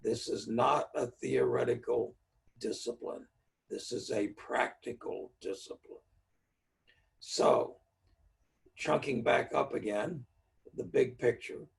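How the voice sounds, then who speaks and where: A man's voice: medium pitch, takes it slowly, gravelly, long pauses, distant mic. A man giving a speaker-series talk on NLP, explaining in a plainspoken teaching manner with everyday examples.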